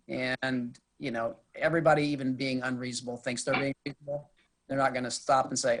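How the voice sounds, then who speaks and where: Police officer giving a de-escalation talk. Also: male voice, mid-range voice, fairly even intonation, brisk. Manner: conversational, acts out quotes from arrestees. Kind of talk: presentation to a review board.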